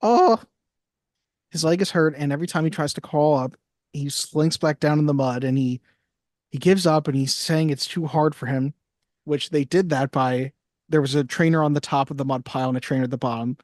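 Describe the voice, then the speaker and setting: A podcast co-host recapping a film in a casual, animated chat, swearing often. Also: medium pitch, a little fast, dry recording, clean studio sound.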